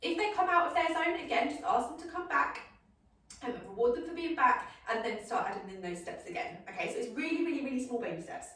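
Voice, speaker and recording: High-voiced woman in echoey space. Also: animated, fast talker, fairly bright tone. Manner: upbeat, says "okay?" often. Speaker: dog trainer. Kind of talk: instructional demonstration. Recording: echoey, mic far off.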